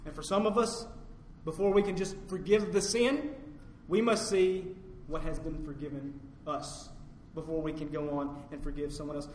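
A man preaching a sermon as pastor, swinging from loud emphatic peaks down to low, quiet points. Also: moderate pace, hardly any pauses, a little hiss or hum. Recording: echoey hall with long reverb, faint ambience.

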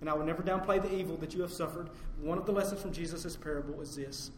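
With fairly even intonation and a quick pace, a male pastor with a fairly high voice delivers his sermon. He pushes up to loud, emphatic high points and falls low and quiet when stressing key points, his words ringing through a roomy hall over a faint hum and long reverb.

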